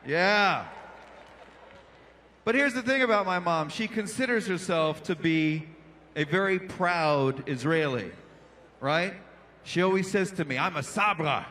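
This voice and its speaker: A man's voice: high voice, a little slow, long pauses, a bit bright, slight background noise. A male stand-up comedian and emcee, punchy and playful, riffing with a crowd on a big indoor arena stage through a handheld microphone.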